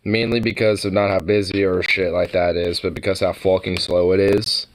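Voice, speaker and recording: Lowish-voiced young guy, rambling and sweary. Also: little pitch movement, moderate pace, background noise. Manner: loose, swears a lot, laughs between thoughts. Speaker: vlogger. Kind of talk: casual rambling chat.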